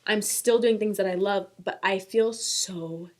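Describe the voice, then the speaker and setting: A young woman co-hosting a casual podcast chat. She talks candidly and with energy, slipping into lively sarcastic retellings of everyday moments. Her voice sits in an ordinary middle pitch. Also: unhurried. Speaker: podcast co-host.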